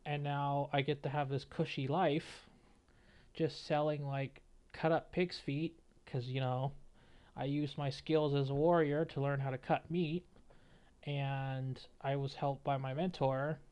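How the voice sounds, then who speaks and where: A man's voice: medium pitch, fairly even intonation, measured pace, darkish tone, clear, resonant tone, lightly acted. A man voicing a friendly female shopkeeper, a former warrior, who chats casually about her family's past. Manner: chatty, casual storytelling.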